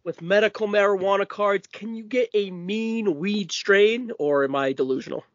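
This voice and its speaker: A man with a Massachusetts accent hosting a casual wrestling podcast, brash and profane with quick asides. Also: high-pitched, dry recording. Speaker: podcast host. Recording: dull dry lo-fi audio.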